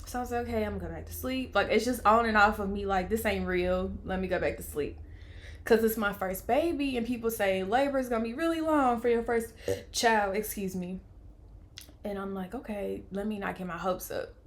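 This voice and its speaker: A young woman, telling a personal story in a casual vlog, lively, playing out the voices of people she quotes. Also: mid-range voice, brisk. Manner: animated, acts out quoted voices, laughs often. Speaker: vlogger telling her birth story.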